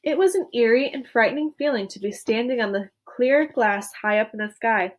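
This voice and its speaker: A woman reads a children's book aloud with an expressive, lively delivery. Her voice sits a bit high. She stops now and then to wonder about the story. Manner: expressive, pauses to ask questions. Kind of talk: reading aloud a children's novel.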